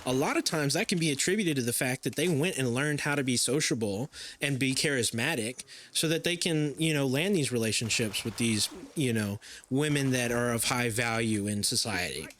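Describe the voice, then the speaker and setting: A young adult man hosting a casual podcast chat, telling stories in an animated, rambling way. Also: mid-range voice, moderate pace. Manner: animated storyteller, talks in long rambling runs.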